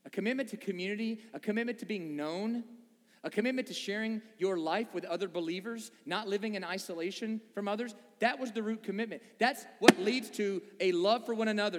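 A man preaching a sermon to a congregation, conversational and full of rhetorical questions. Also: sits high. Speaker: pastor. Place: church sanctuary before a congregation. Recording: long reverb of a large hall.

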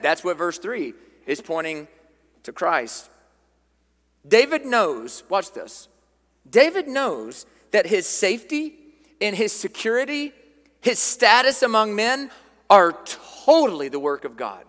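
A man's voice: high-pitched, big pitch swings, measured pace, a bit bright. A man preaching a sermon as pastor, reading scripture aloud and repeating key phrases with emphasis. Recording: long hall reverb.

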